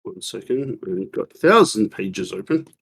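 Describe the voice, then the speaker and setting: Lively flustered male tabletop player. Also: fairly low pitch, moderate pace, creaky, slightly rough. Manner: flustered, apologetic. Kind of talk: casual chat at a game table.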